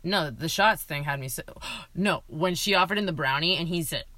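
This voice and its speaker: A woman's voice: low-pitched, moderate pace. A young woman co-hosting a podcast, telling a dating story with lots of swearing and acted-out quotes. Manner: animated, swears a lot, acts out quotes. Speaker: podcast co-host. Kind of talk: casual storytelling chat.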